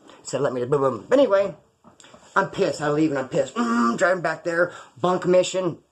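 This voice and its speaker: A man's voice: high-pitched, sing-song, fast talker. A middle-aged man telling rambling, profane, jokey stories about his past, straight to camera. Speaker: ex-prisoner storyteller. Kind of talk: casual storytelling to camera.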